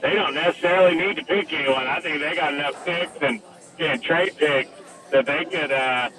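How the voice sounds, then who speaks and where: A man co-hosting a sports show, chiming in with relaxed, hedging opinions. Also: on the high side, normal speed, over music, low-quality recording. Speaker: co-host. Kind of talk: casual sports chat. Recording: crowd noise in background.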